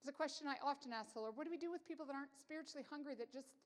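A woman's voice: sits high, rapid-fire. A woman in her forties giving a conversational sermon as a Bible teacher, telling stories in a chatty, self-deprecating way. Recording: long hall reverb.

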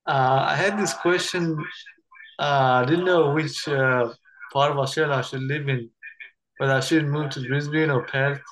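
A man calling in over a video call, asking his question in a hesitant, halting way. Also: on the high side, steady tone, a crowd in the background. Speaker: caller. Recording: noisy call line.

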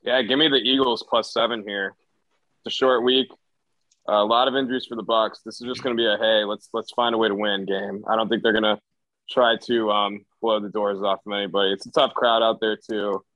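A young man co-hosting a casual sports podcast, talking through a game in a steady, analytical way. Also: on the low side, a little fast, no echo, dull audio. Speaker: podcast co-host.

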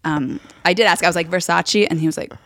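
A woman's voice: low voice, fairly even intonation, racing, fairly bright tone, no echo, studio quality. Chatty woman podcast co-host. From Southern California. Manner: chatty, storytelling, many fillers. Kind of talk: casual chat.

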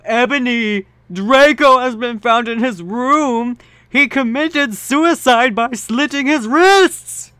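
A man voicing a grief-stricken old headmaster wizard who makes slow, booming dramatic announcements. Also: sharp tone, clear, resonant tone, no echo, heavily acted. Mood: anguished.

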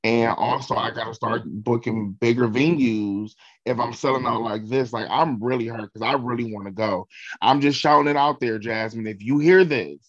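An emotional, effusive man from Ohio talks in a casual chat, now and then swearing. His voice sits at a middle pitch. The recording is dry and a little dull. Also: normal speed, dry recording.

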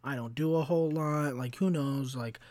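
A man's voice: mid-range voice, normal speed, no room sound. A man in his twenties hosting a podcast, telling stories in a rambling, profane, casual way, full of fillers. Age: 20s. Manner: profane, rambling, animated storytelling with frequent fillers. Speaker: podcast host. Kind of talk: casual solo storytelling.

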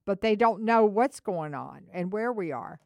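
A middle-aged woman co-hosting a faith-based talk, telling an animated story and acting out both sides of a phone call. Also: medium pitch, measured pace, gravelly, no echo. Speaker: co-host.

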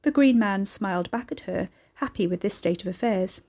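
A woman reading a story aloud as narrator, in a steady, measured storytelling manner. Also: medium pitch. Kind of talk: scripted narration.

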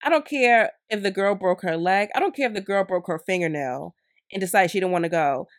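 A woman vlogger giving commentary, indignant and animated, who laughs as she rants. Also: on the low side, brisk, no echo, clean studio sound. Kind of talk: commentary and storytime.

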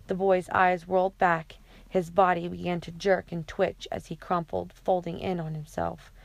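Casting note: woman audiobook narrator, steady delivery, gravelly low voice, dry close sound. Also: no echo.

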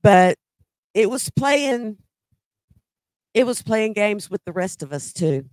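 Woman, very slow storytelling, repeats herself, dry close sound. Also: mid-range voice, lively intonation, darkish tone, dry recording. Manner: unhurried, repeats words as she recalls. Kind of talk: personal paranormal storytelling.

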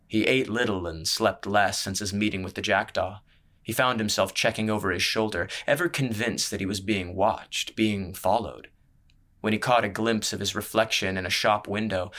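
A man narrates a fantasy tale in a steady, measured reading voice. His voice sits on the low side, and he keeps an even storytelling pace throughout. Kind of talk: scripted audiobook narration.

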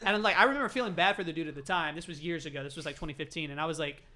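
Higher-voiced guy talking super fast on a podcast, bright tone, always going yeah exactly, swears a lot. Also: a crowd in the background. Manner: eager, quick to agree, swears freely. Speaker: podcast co-host. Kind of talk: casual chat.

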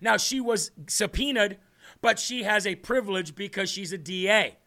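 Brief: loud, mocking male talk host, high bright voice, chatty and rambling. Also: normal speed. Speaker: political talk show host. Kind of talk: livestream commentary.

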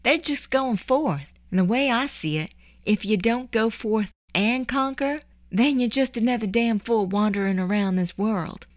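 A woman voicing a sweet, spirited young woman who speaks gently and encouragingly. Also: on the high side, lively intonation, a little slow, no echo, clean studio sound, pitched above the performer's own voice. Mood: tender.

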